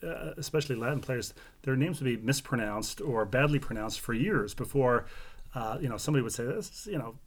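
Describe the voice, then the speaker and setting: Man, mid pitch, casual chat, rambling delivery. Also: brisk.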